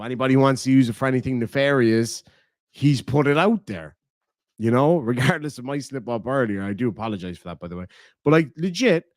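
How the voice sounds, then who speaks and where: A man's voice: mid-range voice, dry recording, studio quality. A man with an Irish accent giving profane, mocking reaction commentary on a stream.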